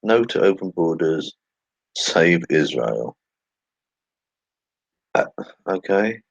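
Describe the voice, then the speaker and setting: A man's voice: low voice, big pitch swings, takes it slowly, gravelly, husky, no echo, low-quality recording. A man hosting a casual commentary video, reading tweets aloud with sarcastic, swearing asides and muttered remarks. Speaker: channel host.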